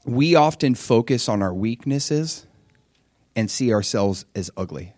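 A man preaching a sermon in an animated way, acting out dialogue with sudden high-pitched exclamations. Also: unhurried, no echo, studio quality.

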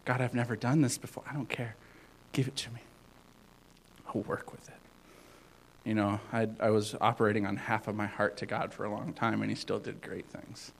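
A man giving an informal sermon as a youth pastor, rambling with many fillers and swinging between loud and hushed. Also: fairly low pitch, little pitch movement, a little fast, vocal fry, few pauses, slight background noise, low-quality recording.

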